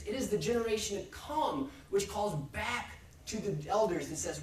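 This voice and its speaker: A male pastor preaching a sermon in measured, steady cadences, building his points through repeated refrains. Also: high voice, a little hiss or hum. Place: church sanctuary. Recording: echoey church from far off.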